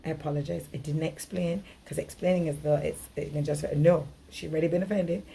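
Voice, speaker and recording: A woman's voice: deep voice, fairly even intonation, a little fast, gravelly, dark tone, a little hiss or hum. A middle-aged woman giving an earnest, emphatic relationship workshop talk, often acting out dialogue. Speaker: relationship coach.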